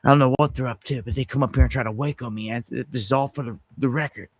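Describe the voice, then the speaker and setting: A middle-aged man hosting a casual livestream, telling a story in an animated, heated way and restarting his sentences often. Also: medium pitch, quick pace, no room sound. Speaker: host of an independent news livestream.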